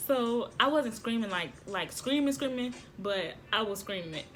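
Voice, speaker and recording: A woman vlogging casually, telling a story to viewers in an excitable way, repeating phrases and laughing often. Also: fairly high pitch, moderate pace, few pauses, faint music behind.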